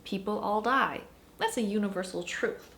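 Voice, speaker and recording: A woman teaching a language grammar lesson, explaining points with animated emphasis. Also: medium pitch, moderate pace.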